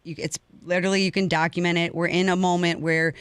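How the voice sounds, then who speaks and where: A woman's voice: lowish voice, level tone, fast, clear, resonant tone, dry recording. A woman co-hosting a business radio show, emphatic and persuasive, often tagging "right?". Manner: emphatic, keeps asking "right?". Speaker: co-host, mortgage expert.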